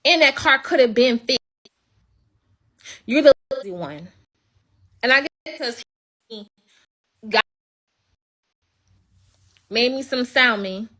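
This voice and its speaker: A woman's voice: sits high, takes it slowly, long pauses, bright, forceful tone. A young woman livestreaming from home, telling a story as an indignant, swearing rant. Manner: indignant, venting, swears freely. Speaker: livestream host.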